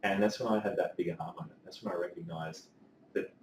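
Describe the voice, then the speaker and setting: A man, telling his story as a life coach in a casual interview, earnest and animated, with casual swearing. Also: low-pitched, quick pace, slight background noise. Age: 30s. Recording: echoey room, mic at a distance.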